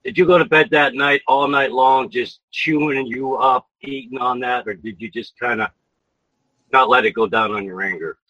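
Bright-voiced male co-host, muffled sound. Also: medium pitch, moderate pace, no room sound.

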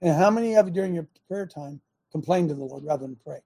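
A middle-aged man delivers a conversational sermon, moving between stories and direct questions to his listeners. His voice sits high and has a husky edge. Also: fast talker. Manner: animated, storytelling, asks listeners questions. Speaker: show host preaching. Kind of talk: conversational preaching.

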